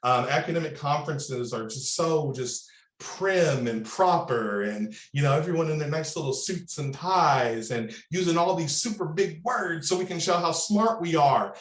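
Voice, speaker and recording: A man in his thirties with a Southern Indiana accent, telling stories as a panelist in a discussion, animated and drawling. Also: on the high side, moderate pace, reverberant. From Southern Indiana, USA. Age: 30s. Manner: animated, drawling, repeats words when starting.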